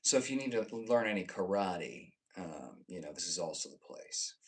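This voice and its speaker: Rambling, cursing live-stream man, lowish voice. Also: very animated, moderate pace, slightly rough. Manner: rambling and conversational, swears freely, with many restarts; swings between emphatic bursts and low muttered asides. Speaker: live streamer chatting with viewers. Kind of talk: casual live-stream chat.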